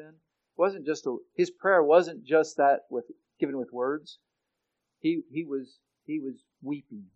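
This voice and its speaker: A man preaching a sermon in an earnest way, often restarting his sentences and growing loud when he quotes scripture. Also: on the high side, dull audio. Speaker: pastor.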